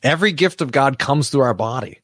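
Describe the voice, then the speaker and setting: A pastor appearing as a podcast guest speaks in a medium-pitched, expressive voice that's fairly quick and fairly bright, with no echo. In a conversational interview he reflects and tells pastoral stories, often restarting his sentences.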